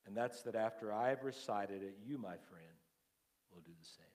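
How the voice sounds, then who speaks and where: A male pastor voicing an earnest, humbled stage actor in a quiet, measured way. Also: fairly low pitch, close to an everyday voice. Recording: long church-hall reverb.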